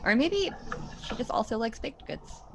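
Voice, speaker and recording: A woman's voice: a little high, very animated, moderate pace, vocal fry, slight background noise. A woman playing in a tabletop role-playing game, talking in a playful, teasing way. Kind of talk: casual in-character game talk.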